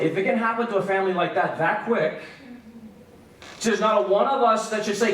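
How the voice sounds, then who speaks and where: A man speaking at a church breakout session in an earnest storytelling manner, turning quiet and grave for the hard parts. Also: high voice, lively intonation, a little fast. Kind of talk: earnest church seminar talk. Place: church hall. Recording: very echoey hall from far off.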